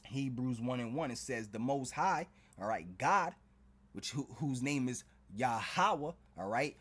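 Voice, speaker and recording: A man's voice: mid-range voice, lively intonation, measured pace, a bit bright, breathy edge. A man preaching to a video audience, fervent and warning, who keeps adding "all right?" and "man" between his phrases. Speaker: street preacher.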